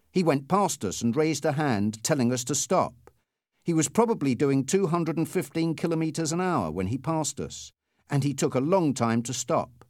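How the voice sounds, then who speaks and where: A male audiobook narrator tells a first-person story with a very lively, swinging pitch and a mid-range voice. The recording is dry and close, with no room sound. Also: dry recording.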